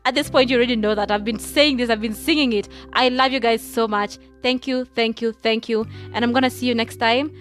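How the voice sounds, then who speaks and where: Young Kenyan woman, solo podcast host, chatty and effusive, a touch high-voiced, soft music behind. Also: steady tone, fairly quick, few pauses. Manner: chatty, effusive, switches between English and Swahili. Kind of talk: casual solo podcast monologue.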